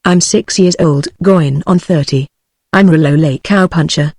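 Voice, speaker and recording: A woman's voice: sits low, measured pace, a little mellow, husky, dry recording, clean studio sound, heavily acted. Synthetic woman reading as a bragging cowboy kid. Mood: boastful. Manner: swaggering backcountry drawl. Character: boastful six-year-old cowboy boy. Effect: text-to-speech voice.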